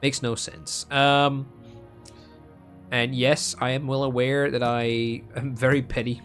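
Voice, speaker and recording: Brief: young male gaming streamer with a Dutch accent, mid-pitched, loose rambly rant, lots of ums and restarts. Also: flat delivery, takes it slowly, fairly bright tone, faint music behind. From Netherlands. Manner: rambling and self-mocking, with frequent ums and restarts. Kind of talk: casual rambling chat while gaming.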